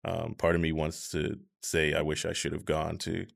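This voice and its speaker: Deep, gravelly man in his thirties. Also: completely flat delivery. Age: 30s. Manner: measured and reflective, with many fillers. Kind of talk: casual conversation.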